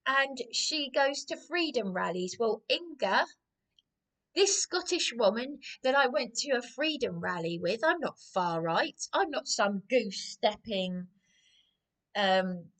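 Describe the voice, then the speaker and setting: A woman's voice: on the high side, animated, slow, fairly bright tone. A woman posting an angry, stumbling rant on her own channel, repeating herself as she accuses people directly. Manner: accusatory, repetitive, stumbling over words. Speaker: YouTuber.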